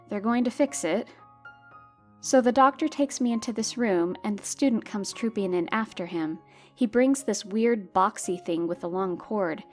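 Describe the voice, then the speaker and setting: A woman of middle pitch reads a personal story aloud in a wry, exasperated way, as scripted narration. Faint music plays softly underneath her voice. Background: faint background music.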